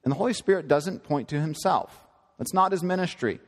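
Man, preacher, sermon, earnest and emphatic, a bit high-pitched, long reverb. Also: fairly quick. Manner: earnest, emphatic teaching with repetitions and self-corrections.

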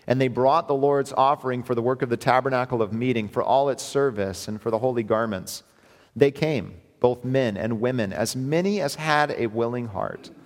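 A man preaching a verse-by-verse sermon in an earnest, emphatic way, often repeating his phrases. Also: mid-range voice. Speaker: pastor. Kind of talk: expository sermon. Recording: long hall reverb.

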